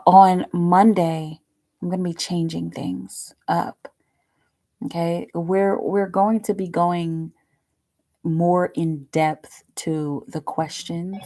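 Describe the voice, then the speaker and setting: Gravelly, low-voiced chatty woman. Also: darkish tone. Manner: chatty, rambling, peppered with fillers and casual swearing. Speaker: tarot reader hosting a live stream. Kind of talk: casual livestream chat.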